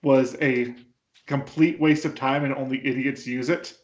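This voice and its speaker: A man's voice: mid-range voice, a little slow, muffled recording. A man co-hosting a casual podcast, recapping an anime and often restarting his sentences. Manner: stammering restarts, animated when quoting. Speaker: podcast co-host. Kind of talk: casual anime review chat. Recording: roomy echo.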